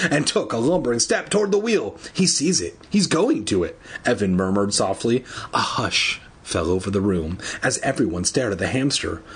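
A man reading a children's horror novel aloud, shrieking the characters' lines and breaking off for crude, joking asides. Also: slightly rough. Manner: animated, jumps to shrill shrieks for characters, swears in asides.

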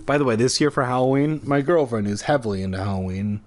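A man's voice: mid-range voice, fast talker. A man casually reading a kids' horror book aloud, breaking off for swearing, self-mocking asides while drinking. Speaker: amateur reader.

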